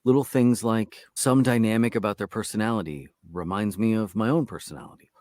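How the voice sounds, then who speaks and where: Expressive low-voiced male narrator. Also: a little fast. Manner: expressive, lively storyteller delivery. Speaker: audiobook narrator guest. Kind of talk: casual interview chat.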